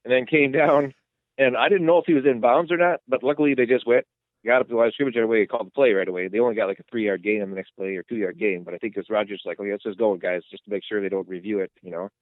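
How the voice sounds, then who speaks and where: A man co-hosting a sports podcast, retelling plays in a rambling, excitable way. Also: medium pitch, very fast, no room sound. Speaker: podcast co-host. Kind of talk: casual sports chat. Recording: tinny phone-like line, dry.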